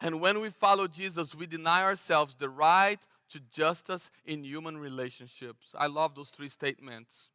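Brazilian-accented male pastor, high, crisp voice, chatty animated sermon, long hall reverb. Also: normal speed, few pauses. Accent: Brazilian Portuguese. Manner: conversational, animated preaching with frequent restarts.

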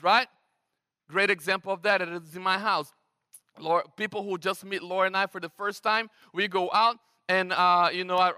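A man from Brazil with a Brazilian Portuguese accent, preaching a sermon as pastor in a conversational, animated way with frequent restarts. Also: high voice, clean tone. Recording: long hall reverb.

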